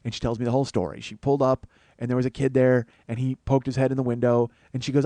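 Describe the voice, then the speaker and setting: A man's voice: medium pitch, little pitch movement, fast, mellow, dry recording. A man, a comedian hosting his own show, telling a long story and acting out the other people's voices. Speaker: comedian host. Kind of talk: storytelling monologue.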